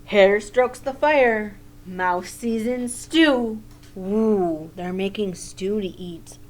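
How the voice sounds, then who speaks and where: A woman teacher reading a picture book aloud to children in a gentle way, pausing to comment and ask questions. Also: mid-range voice.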